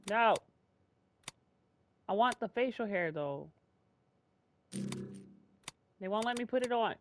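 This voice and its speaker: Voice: mid-range voice, expressive, takes it slowly, long pauses, slight background noise. Joking let's play commentator. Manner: joking, chatty. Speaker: game streamer.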